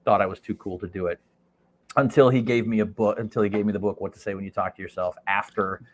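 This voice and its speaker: Excitable man telling a story. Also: on the low side, fast, slight background noise. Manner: excited, laughing, acts out quoted voices. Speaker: podcast guest. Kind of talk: animated anecdote storytelling.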